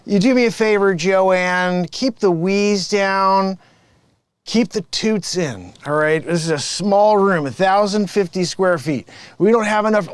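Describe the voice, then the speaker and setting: A man's voice: high voice, a little slow, smooth, no echo. A man improvising a sleazy, smug phone scammer boss who mocks his coworkers and cons callers. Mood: mocking. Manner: smug, mocking, laughing at his own lines. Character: sleazy male phone scammer boss posing as tech rebate agent. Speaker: improv comedian. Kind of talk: improvised comedy sketch.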